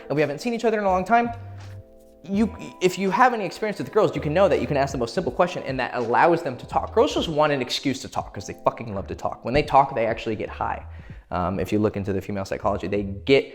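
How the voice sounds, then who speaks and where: Male dating coach, casual and profane, mid-range voice, faint music underneath. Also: medium pitch. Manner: casual and profane, acts out short quoted exchanges. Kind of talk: instructional talk to camera.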